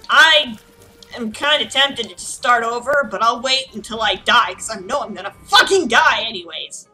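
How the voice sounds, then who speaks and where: A woman's voice: a little high, lively intonation, moderate pace, soft background music. A tipsy woman playing a video game, cursing and grumbling at it in casual commentary. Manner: profane, exasperated, yelling at the game. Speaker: let's play gamer.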